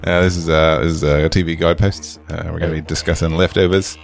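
A man's voice: very deep voice, little pitch movement, fast talker, vocal fry, faint music behind. A man doing a breezy Australian TV presenter with an Australian accent and showy patter.

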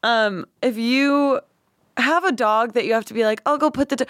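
A woman co-hosting a podcast in casual chat, chatty and quick to react with "oh my gosh.". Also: on the high side, no echo, studio quality. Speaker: podcast co-host.

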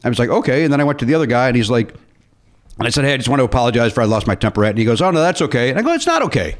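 A man's voice: mid-range voice, racing. A man on a podcast, casually telling a story and acting out the quoted voices of the people in it. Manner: animated, acts out quoted voices in anecdotes. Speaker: podcast co-host.

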